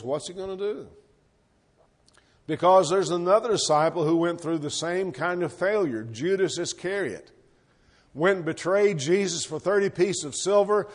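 A man preaching a sermon, asking the congregation rhetorical questions and letting his voice rise and fall. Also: a little high. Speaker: pastor.

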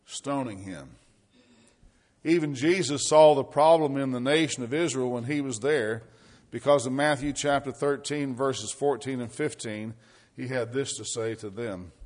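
A man preaching a sermon, reading scripture loudly and dropping low for asides and rhetorical questions. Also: unhurried.

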